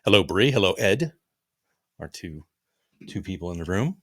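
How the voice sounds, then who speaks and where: Tired middle-aged man, very low voice. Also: big pitch swings, normal speed, husky. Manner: tired, easygoing, rambling. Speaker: podcast host. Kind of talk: casual chat.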